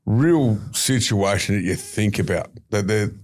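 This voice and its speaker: A man's voice: lowish voice, a little slow, a little mellow. A middle-aged man with an Australian accent, a podcast guest telling rambling, emphatic stories. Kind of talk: storytelling interview talk.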